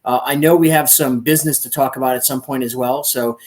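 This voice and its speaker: A man's voice: mid-range voice, fairly even intonation, fairly quick, darkish tone. A man hosting a podcast over a recorded online call, an earnest and encouraging life coach who reassures listeners.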